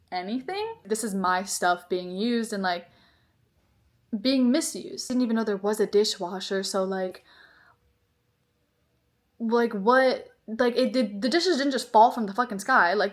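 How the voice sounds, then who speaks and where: A young woman vlogger telling a storytime, rambling and exasperated, with many "like"s. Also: mid-range voice. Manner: rambling, heavy use of "like", exasperated. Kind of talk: storytime vlog.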